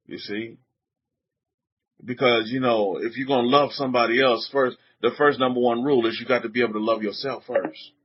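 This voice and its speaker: A man preaching a sermon to a congregation, animated, repeating words and putting questions to the room, on a dull lo-fi recording. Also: mid-range voice, breathy edge. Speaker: rabbi teaching a congregation.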